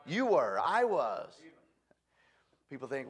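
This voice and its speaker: A man's voice: medium pitch, big pitch swings, normal speed, slightly rough. A man preaching a sermon at a church, folksy and emphatic, joking at his own expense. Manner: folksy, emphatic, self-deprecating. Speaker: guest preacher.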